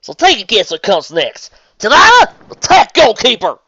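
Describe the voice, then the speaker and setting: A reader voicing a brash young Southern cowgirl card duelist in a put-on Southern drawl, loud and showy. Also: mid-range voice, wildly swooping pitch, measured pace, husky, no echo, muffled recording, voice pushed up, heavily acted. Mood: mocking. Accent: put-on American Southern.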